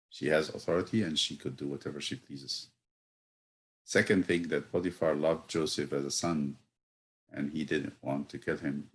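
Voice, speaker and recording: Deep-voiced male priest, reflective teacher, halting delivery that rises into emphatic questions. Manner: thoughtful, pausing with fillers, building to emphatic rhetorical questions. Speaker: priest teaching Bible study. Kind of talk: reflective Bible study lesson.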